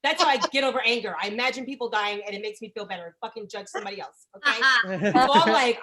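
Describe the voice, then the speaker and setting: A high-voiced young woman telling a stand-up story over a video call. She is brash and profane and jumps into the voices of the people in her tale. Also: very fast, bright, forceful tone. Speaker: stand-up comedian.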